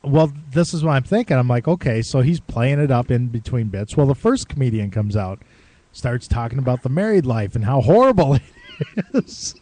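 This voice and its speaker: A man's voice: mid-range voice, expressive, moderate pace, mellow, dry recording. A man co-hosting a podcast, telling a long casual story with swearing and quoted lines. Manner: rambling, swears and laughs, acts out quotes. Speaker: podcast co-host.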